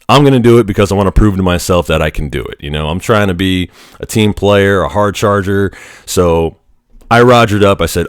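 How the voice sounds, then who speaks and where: A man's voice: low-pitched, expressive, moderate pace, clear, resonant tone, dry recording, clean studio sound. A man telling a story in a casual, rambling way, with frequent restarts and military slang. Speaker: vlogger telling a training story.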